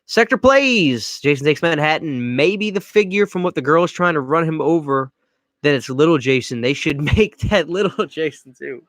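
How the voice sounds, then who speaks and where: Cajun dude doing a livestream q&a, kinda high voice, dry close sound, just rambling through chat. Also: male voice, moderate pace, no room sound. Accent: Louisiana Cajun. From Louisiana. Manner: relaxed, rambling, reads chat names aloud. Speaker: livestream host answering chat. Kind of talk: casual live Q&A chat.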